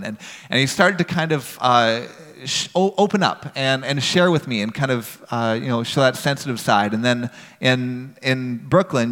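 A man's voice: mid-range voice, a bit bright, big-room sound. A man earnestly telling a personal story to a church audience in a conversational way.

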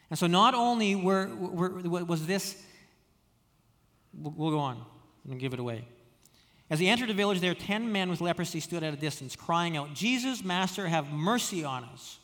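High-voiced man preaching in a reverberant hall. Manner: storytelling, many restarts and stammered repeats, drops soft for quoted words. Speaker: pastor. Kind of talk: sermon.

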